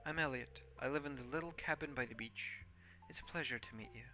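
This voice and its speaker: A man's voice: mid-range voice, fairly quick, sharp tone, faint music behind. A man voicing a refined young male poet in a formal, flowery manner.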